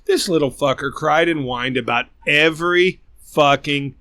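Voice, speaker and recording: A man's voice: a little high, a little slow, sharp tone, dry recording, clean studio sound. Profane ranting Midwestern man. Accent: American Midwestern. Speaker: podcast co-host. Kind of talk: casual podcast banter.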